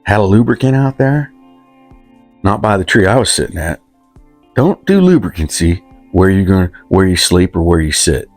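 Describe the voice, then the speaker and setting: Casting: rambling man in his fifties, deep voice, dry close sound. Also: very animated, moderate pace, a little mellow, no echo, faint music behind. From West Virginia, USA. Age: 50s. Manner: rambling, self-deprecating, drawling country talk. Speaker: comedic storyteller. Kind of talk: rambling comic storytelling.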